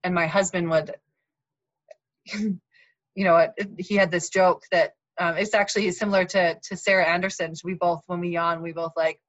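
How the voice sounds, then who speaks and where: Woman host chatting on a zoom call, low-ish voice, kinda muffled and dry. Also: moderate pace, no room sound. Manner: animated storyteller, laughs often. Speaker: podcast host. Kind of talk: casual heartfelt conversation. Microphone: video call.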